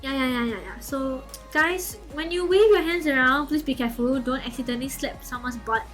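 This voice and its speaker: A young woman, casually telling a story to her chat, animated and giggly, full of okay and like. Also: sits high, fairly quick, faint music behind. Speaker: streamer.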